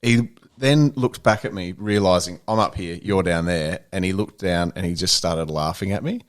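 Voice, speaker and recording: A man's voice: deep voice, normal speed. A man, a podcast co-host telling a story in casual chat. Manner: animated anecdote teller, mate-ish banter.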